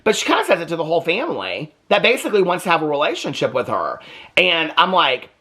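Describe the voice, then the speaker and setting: A man's voice: on the high side, huge pitch swings, quick pace, sharp tone. A man hosting a chatty, opinionated recap of a reality TV show, full of "like" fillers. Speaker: TV recap host. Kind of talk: casual reality TV commentary.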